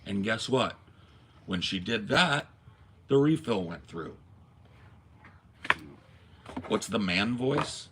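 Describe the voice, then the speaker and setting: A man hosting a casual talk show, telling stories with animated ranting and acting out phone calls. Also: on the low side, slow pace, noisy background. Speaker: podcast host. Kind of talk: casual storytelling chat. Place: home.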